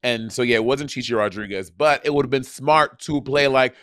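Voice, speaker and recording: A man chats casually as a podcast co-host, circling back on himself with fillers and restarts. His voice sits at a middle pitch. The sound is dry and close. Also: brisk, fairly bright tone, no room sound. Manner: rambling, many restarts and fillers. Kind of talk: casual chat.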